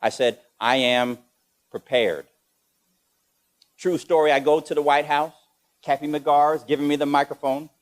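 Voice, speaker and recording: Male motivational speaker, energetic, slightly higher voice, calls out questions to the crowd. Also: fairly quick. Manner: energetic, quizzes the audience. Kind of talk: motivational lecture.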